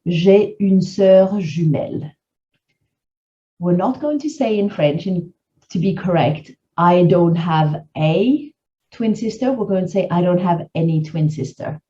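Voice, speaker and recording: A woman teaching a grammar lesson, explaining clearly and mixing in French example phrases. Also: lowish voice, warm tone, lo-fi sound.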